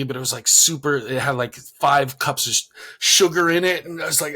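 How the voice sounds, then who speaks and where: A man co-hosting a parenting podcast, telling a rambling personal story full of fillers, getting loud and animated when he quotes himself. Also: mid-range voice, normal speed. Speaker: podcast co-host. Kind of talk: casual conversational storytelling.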